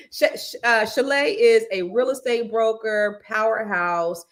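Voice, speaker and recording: A woman with a Californian accent hosting a panel talk show, animated and playful, stretching words for emphasis. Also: on the high side, measured pace. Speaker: host.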